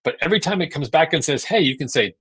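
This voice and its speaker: A man's voice: on the high side, lively intonation, fast, fairly bright tone, husky, no echo. A man, an endurance coach, giving a casual seminar talk with lots of fillers and restarts, sometimes acting out voices in quoted asides. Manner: conversational, many fillers and repeated words.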